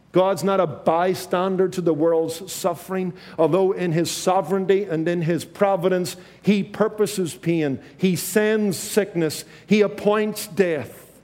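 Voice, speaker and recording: Slow high-voiced preacher in a hall. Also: male voice, darkish tone. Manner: slow, emphatic preaching with repeated phrases. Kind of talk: sermon.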